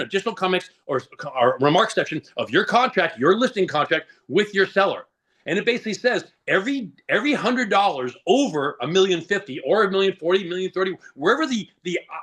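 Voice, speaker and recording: A man with a high, quick voice pitches real estate tactics to agents on a video call. He drives his points home with punchy rhetorical questions and a confident, salesy push. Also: animated, a bit bright. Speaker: guest speaker, real estate coach.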